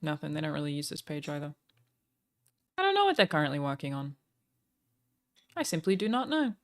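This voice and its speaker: A woman's voice: low-pitched, very animated, fairly quick, long pauses. Woman streamer chatting live. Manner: gushing thanks to donors, casual swearing. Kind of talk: live stream chat and reaction.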